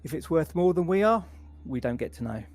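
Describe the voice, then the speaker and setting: A man's voice: fairly high pitch, lively intonation, fairly quick, darkish tone, voice pushed up. A man voicing a friendly, talkative male crew member with an upbeat, sociable manner. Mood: chatty.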